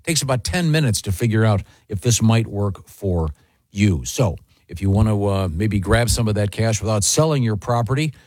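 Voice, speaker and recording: A man's voice: on the low side, no echo, studio quality. A man hosting a morning radio show, chatting and reading a live ad with many fillers. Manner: relaxed, halting with fillers.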